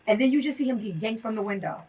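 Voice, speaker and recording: A woman's voice: on the high side, fast, darkish tone, recorded from a distance, slight background noise. A woman guest telling a story in an interview, earnest and impassioned, repeating phrases for emphasis.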